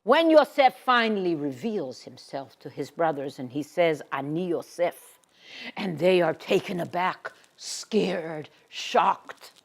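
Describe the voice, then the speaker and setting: A woman giving a Torah lecture. She reads Hebrew verses and then translates them, sinking to a hushed whisper on emotional words. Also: lowish voice, lively intonation, takes it slowly, gravelly. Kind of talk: expressive Bible lecture.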